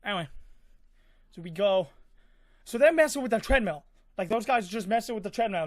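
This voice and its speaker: High-voiced man rambling through a story. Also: animated, brisk, pauses often, no echo, clean studio sound. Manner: rambling, filler-heavy, sound effects. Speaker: vlogger. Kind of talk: casual storytelling.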